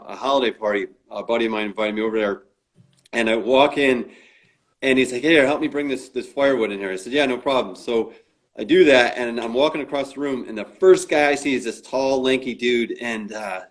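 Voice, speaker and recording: Male interview guest, mid pitch, casual storyteller who acts out quotes and uses lots of fillers. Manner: acts out quoted dialogue in his stories; frequent restarts and fillers.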